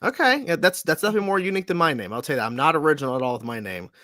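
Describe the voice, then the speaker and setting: A man hosting a casual livestream chat show over a video call, talking in a lively, animated way and laughing often. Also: fairly high pitch, rapid-fire, dry recording, studio quality. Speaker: host.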